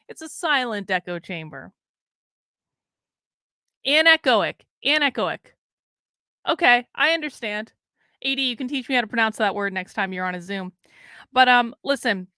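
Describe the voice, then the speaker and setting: A woman in her thirties hosts a live political commentary stream, speaking bluntly and straight to her chat. Her voice sits a little high and sounds bright and crisp. The sound is dry and close to the mic. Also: no echo. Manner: frank and blunt, talks straight to chat, swears. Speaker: livestream host. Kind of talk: casual political commentary livestream.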